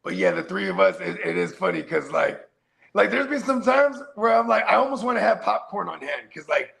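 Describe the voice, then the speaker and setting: A man hosts a casual podcast chat, his voice heavily gravelly and fried and sitting somewhat high. He rambles loosely and swears freely, leaning on fillers. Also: sing-song, fairly quick, a bit bright. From San Francisco Bay Area. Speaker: podcast host.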